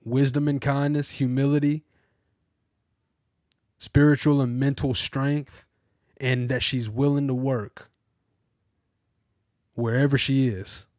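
A man's voice: medium pitch, fairly even intonation, slow, long pauses, darkish tone, no room sound, studio quality. A man hosting a biblical podcast, giving emphatic, repetitive advice straight to his listeners like a sermon. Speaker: podcast host. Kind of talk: preachy advice monologue.

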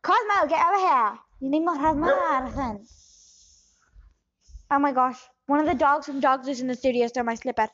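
A woman's voice: high-pitched, moderate pace, fairly bright tone, highs cut off. A woman doing a bumbling fake doctor scammer. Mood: scheming. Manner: rambling, keeps switching accents. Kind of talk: improvised comedy interview.

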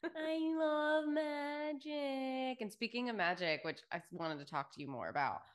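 A woman's voice: sits low, very animated, fast, a bit bright. Podcast co-host, woman; loose, gushing, filler-heavy casual talk with curse words. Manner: effusive, swears freely, many fillers. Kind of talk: casual chat.

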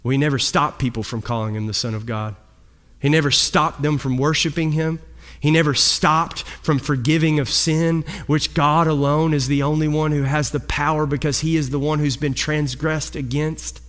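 A man preaching a sermon as pastor, his delivery swinging between loud, high emphasis and low, quiet drops. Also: fairly even intonation, normal speed.

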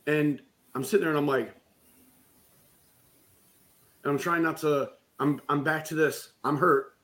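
With a fairly high, somewhat bright voice, a middle-aged business coach speaks as a guest at a moderate pace with fairly even intonation. He relates an emotional personal story frankly and keeps asking "right?".

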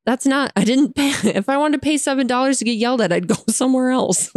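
A woman's voice: high-pitched, fast talker, darkish tone, no room sound, clean studio sound. A young woman telling a frustrating story in a casual storytime rant, exasperated, often breaking into laughter and swearing, with lots of "like". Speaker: vlogger.

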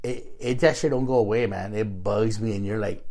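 A man's voice: on the low side, moderate pace, dark tone. A man in casual chat who reacts loosely and swears freely.

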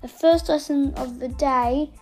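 A woman voicing a stern, mocking witch schoolteacher in a storybook reading, loud and scornful. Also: high voice, fairly even intonation, unhurried, soft background music. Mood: commanding.

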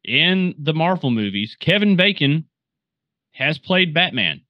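A man's voice: fairly high pitch, sing-song, a little slow, dry recording. Rambling man recapping a movie, dull recording. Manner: rambling, filler-heavy storytelling. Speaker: podcast host. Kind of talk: casual movie recap chat. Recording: dull, dry sound.

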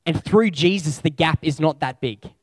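A man preaching a sermon in a relaxed, conversational way, building slow spoken lists. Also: a little high, no echo.

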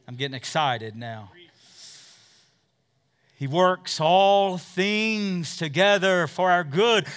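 A male pastor preaching a fervent sermon, drawing call-and-response from the congregation and swinging between loud peaks and hushed asides. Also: on the high side, smooth. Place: church service with a congregation.

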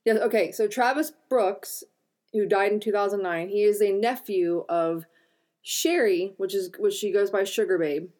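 A woman's voice: medium pitch, normal speed, darkish tone. Joking, profane woman podcast host. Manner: profane, joking, frequent throat clearing. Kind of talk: casual chat, telling a true crime story.

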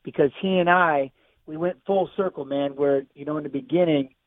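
A man's voice: a little high, moderate pace, no room sound. A man telling an emotional personal story as a radio guest, rambling and repeating himself over a phone call. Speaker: guest fighter. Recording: tinny phone line, dry.

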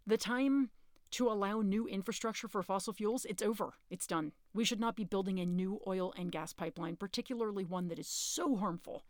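A woman's voice: brisk, no echo, studio quality. Earnest, urgent woman podcaster. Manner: earnest, urgent, rises in pitch when emphatic; informal, occasionally curses. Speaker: podcast host. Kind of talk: casual advocacy talk.

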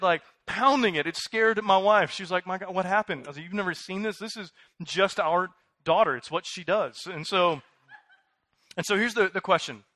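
Animated, bright-voiced young pastor preaching. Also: male voice, sits high, dry recording. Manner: conversational, animated, many fillers and restarts. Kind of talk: sermon.

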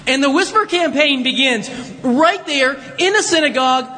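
High-voiced folksy pastor preaching. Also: male voice, expressive, moderate pace, bright, forceful tone, in a large hall, a little hiss or hum. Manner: folksy, chatty, with asides to the congregation. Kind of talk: conversational sermon. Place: church sanctuary.

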